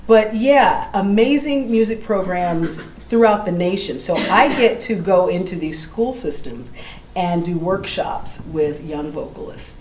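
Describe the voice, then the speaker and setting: A middle-aged woman from Oakland, a jazz vocalist and educator, tells stories to a live audience. She is animated and lets her pitch leap as she acts out the people she quotes. The sound is roomy, with faint ambience from the gallery behind her. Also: a little slow, a little hiss or hum. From Oakland, California. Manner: animated, acts out quoted voices, laughs easily. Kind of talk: storytelling between songs at a live gallery show. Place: gallery event space.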